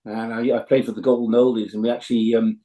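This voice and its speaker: A man's voice: medium pitch, level tone, fast talker, mellow, low-quality recording. Older man from Yorkshire, veteran actor, anecdotal interview chat, medium voice. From England, Yorkshire. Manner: chatty anecdotal storyteller. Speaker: actor, guest.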